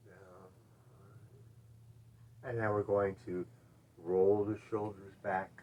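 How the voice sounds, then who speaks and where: A middle-aged man with a fairly low voice talks a class through gentle chair yoga. He cues each stretch and breath in an easygoing way. His words often drop to a soft, quiet murmur between instructions. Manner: gentle, relaxed cueing with frequent quiet "all right"s.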